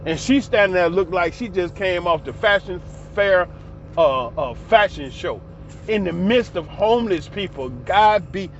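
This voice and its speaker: Fired-up, high-voiced man ranting. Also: expressive, measured pace, slight background noise. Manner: passionate, profane, heated. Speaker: commentary vlogger. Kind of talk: ranting commentary. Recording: slightly dull lo-fi recording.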